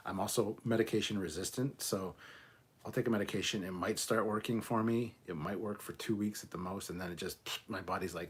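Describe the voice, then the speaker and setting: A man's voice: lowish voice, fairly quick, breathy edge. A man hosting a live stream, drinking rum and reading viewer comments in casual chat, swearing freely as he rambles through stories. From Canada.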